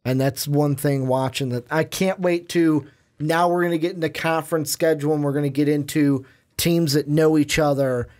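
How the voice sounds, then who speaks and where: A man's voice: on the high side, fairly even intonation, moderate pace, darkish tone. A man co-hosting a casual sports podcast, chatty and jokey as he talks through games and picks. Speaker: podcast co-host.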